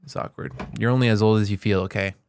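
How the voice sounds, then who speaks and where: A man's voice: on the low side, steady tone, fast, darkish tone, a little hiss or hum. Man reading comments with joking asides. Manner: playful, mock-outraged reactions between readings. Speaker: YouTuber reading viewer comments. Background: background music.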